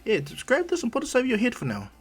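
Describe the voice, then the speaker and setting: A man voicing a calm, confident teenage boy hero who speaks in an easygoing, matter-of-fact way. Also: very high voice, rapid-fire, husky, pitched above the performer's own voice, exaggerated voice.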